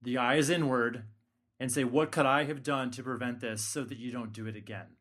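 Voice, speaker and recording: A man's voice: mid-range voice, fairly even intonation, normal speed, fairly bright tone. A male podcast host with a mid-range voice, talking casually. He teases his co-hosts and gives blunt, tough-love advice. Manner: joking, then frank tough-love advice.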